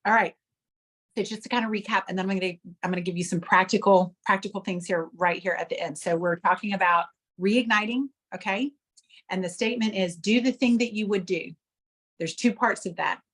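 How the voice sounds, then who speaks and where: A woman's voice: medium pitch, brisk, fairly bright tone. A middle-aged woman giving a casual motivational talk as a sales director, chatty and earnest, often calling her listeners "you guys.".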